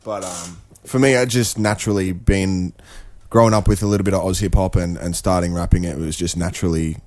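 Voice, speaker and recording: A man co-hosting a radio show, mostly chiming in with quick agreements and jokes. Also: low voice, steady tone, a little mellow, no echo. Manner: short agreeing interjections, joking. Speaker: radio co-host. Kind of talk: casual chat on air.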